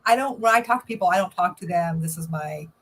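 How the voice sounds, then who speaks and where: A woman co-hosting an online book club chat, relaxed and agreeable, mostly giving short replies. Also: medium pitch, quick pace. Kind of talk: casual video chat.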